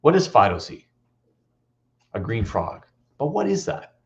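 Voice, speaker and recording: A man's voice: mid-range voice, measured pace, creaky. A man giving a motivational talk at a school assembly, telling stories and quizzing the audience. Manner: animated, storytelling, audience questions. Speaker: motivational speaker. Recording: dull lo-fi recording.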